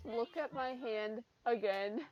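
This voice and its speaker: A woman's voice: on the high side, slow, dry recording, lo-fi sound. A woman playing a tabletop game, teasing and giggly. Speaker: player. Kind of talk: casual tabletop play.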